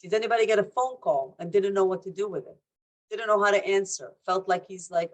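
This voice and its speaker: A woman's voice: medium pitch, a little fast. A woman leading a training session over a video call, emphatic and repeating points for weight, acting out what people say. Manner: warm, emphatic, acts out quotes, repeats for emphasis. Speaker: presenter and trainer. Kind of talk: Q&A training talk. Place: home.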